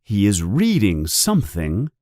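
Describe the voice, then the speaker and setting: A man narrates a storybook in a clear, deliberate way for learners. He talks very slowly with widely rising and falling pitch. The recording is close and dry. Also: wildly swooping pitch, a little mellow, dry recording. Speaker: audiobook narrator.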